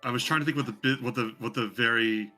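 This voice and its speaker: A man's voice: medium pitch, fast, sharp tone, faint music behind. A man narrating as game master in a rambling, casual way with many fillers.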